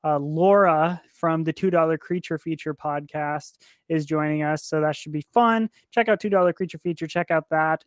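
High-voiced man plugging shows. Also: no echo, clean studio sound. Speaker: player and show host. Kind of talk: casual sign-off plug.

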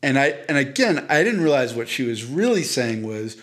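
A man on a podcast spins a long story in a loose, rambling way. He keeps restarting sentences and pokes fun at himself. His voice sits at an everyday middle pitch. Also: very animated, normal speed, few pauses, a bit bright. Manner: rambling, self-deprecating, frequent restarts and fillers. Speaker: podcast co-host. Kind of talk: casual chat, storytelling.

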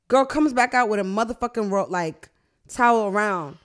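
Her mid-range voice moves at a normal speed as the young woman, a podcast host, spins profane, lively stories in casual conversation, acting out what people said.

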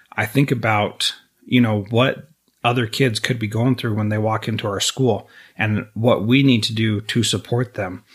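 A man's voice: on the low side, a bit bright, slightly rough. A man hosting an interview, talking in an earnest, reflective way with small restarts. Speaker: podcast host interviewing a guest. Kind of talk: conversational interview.

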